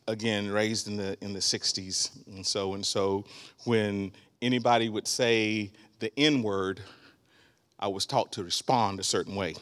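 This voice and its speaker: A man in his sixties preaching a sermon as a guest, animated, breaking into laughter and shouts. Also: on the low side, clear, resonant tone.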